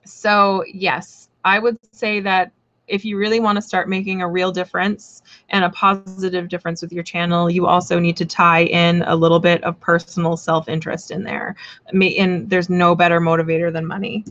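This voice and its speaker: A woman's voice: lowish voice, level tone, moderate pace, a bit bright, lo-fi sound. A woman hosting a live tarot reading stream, talking in a chatty, rambling way with lots of fillers, blunt and playful. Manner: blunt and playful, swears casually.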